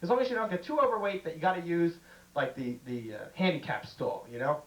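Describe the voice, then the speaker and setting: Man, stand-up comic, high voice, jokey storytelling, echoey room. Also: animated, quick pace, a bit bright. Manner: jokey storytelling, acting out bits in raised voices. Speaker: stand-up comedian. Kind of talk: stand-up comedy routine. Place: comedy stage.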